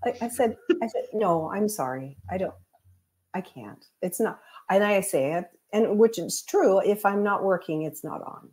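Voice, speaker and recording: A woman's voice: medium pitch, expressive, moderate pace, a little mellow. A woman, a psychic medium guest, chatting casually and telling stories with acted-out quotes. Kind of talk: casual storytelling chat.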